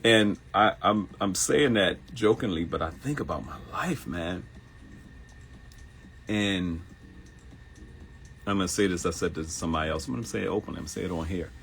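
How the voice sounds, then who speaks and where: Deep gravelly man preaching with lively swings. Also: normal speed, pauses often, a little hiss or hum. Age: 50s. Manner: preachy, repeats phrases, jumps into high mock voices for quotes. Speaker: host of a live morning show. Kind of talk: motivational live-stream monologue.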